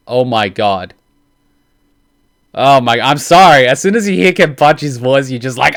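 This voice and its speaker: An excitable man reacting to game trailers, gushing and swearing like a big fan. His voice sits mid-range, and the sound is dry and close. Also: mid-range voice, a little slow, no room sound. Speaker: reaction video host. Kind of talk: casual reaction commentary.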